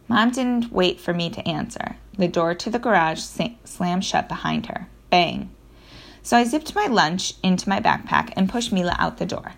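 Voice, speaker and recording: Low, gravelly woman narrating a children's book. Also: moderate pace. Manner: lively storytelling with self-corrections. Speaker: audiobook narrator. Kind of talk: first-person children's audiobook narration.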